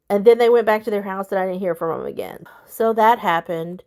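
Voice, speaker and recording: A middle-aged woman vlogging to her viewers, candidly telling a personal story and growing animated as she recounts a confrontation. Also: medium pitch, fairly quick. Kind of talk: casual storytelling vlog.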